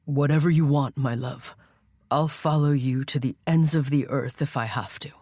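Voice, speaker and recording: A woman voicing a loving, protective young husband who speaks softly and tenderly in an audiobook. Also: rumbling low, fairly even intonation, normal speed, no room sound, studio quality.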